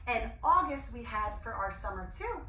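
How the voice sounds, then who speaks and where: High sing-song teacher woman, echoey room. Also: big pitch swings, distant mic. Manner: sing-song, slow and gently enthusiastic, with gasps of delight. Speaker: preschool teacher. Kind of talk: online class for young children. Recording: echoey room, voice a bit off-mic, faint hiss.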